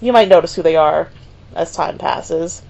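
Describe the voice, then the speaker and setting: A woman's voice: lowish voice, normal speed, vocal fry, a little mellow, lo-fi sound. A young woman from Canada co-hosting a casual podcast chat, giggly and chatty with plenty of filler words. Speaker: podcast co-host.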